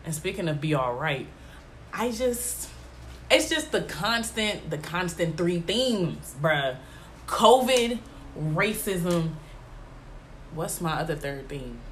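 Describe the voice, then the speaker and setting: A young woman with a low-pitched voice chats on her own podcast, stuffy and congested from allergies. She talks in an emphatic, exasperated way, leaning on slangy fillers as she goes. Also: lively intonation, takes it slowly, slight background noise. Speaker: podcast host. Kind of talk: casual solo podcast chat.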